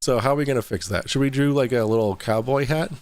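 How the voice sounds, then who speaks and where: Talking fast in a medium-pitched, slightly mellow voice, this young livestream host chats loosely with his audience. He reads viewer donations aloud and swears from time to time.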